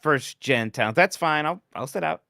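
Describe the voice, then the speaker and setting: A bright-voiced man chats on a podcast, his pitch swinging widely as he jokes about himself. The sound is dry and close. He talks loosely and casually. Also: animated, normal speed, creaky, no room sound. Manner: self-deprecating, chatty. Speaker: podcast co-host.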